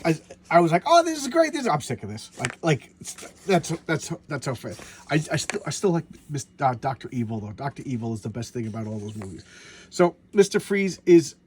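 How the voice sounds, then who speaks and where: A man's voice: mid-range voice, lively intonation, brisk, a little mellow, slight background noise. A man chatting casually while reviewing a comic book, rambling and often tripping over his words and names.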